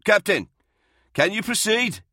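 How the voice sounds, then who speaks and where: A man's voice: sits high, animated, measured pace, sharp tone, no room sound, voice pushed up, heavily acted. A male narrator voicing a military radio officer who asks clipped, formal questions, in a dry audiobook recording. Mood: clipped questioning. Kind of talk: audiobook character voice.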